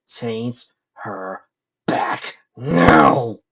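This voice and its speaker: A raging young pony fighter, as a male reader puts him on, shouting with a rough, husky edge. The audio is dull and lo-fi. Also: medium pitch, level tone, fairly quick. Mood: furious. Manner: shouting, furious.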